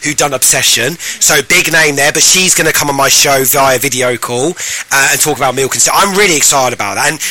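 A man's voice: mid-range voice, a little fast, sharp tone. A man hosting a show, chatting casually with a guest in a rambling, storytelling way full of fillers. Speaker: podcast host.

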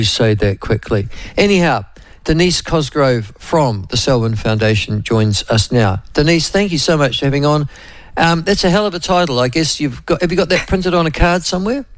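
A man's voice: medium pitch, moderate pace, no echo, low-quality recording. A man with a New Zealand accent hosting a radio show in a rambling, chatty, digressive way. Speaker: radio host. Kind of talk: casual radio chat.

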